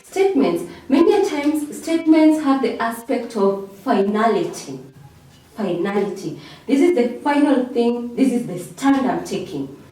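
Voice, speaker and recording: A woman English teacher giving a revision lesson, talking slowly and repeating key words with drawn-out emphasis. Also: a little high, very animated, mellow. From Kenya. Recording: echoey room, far from mic.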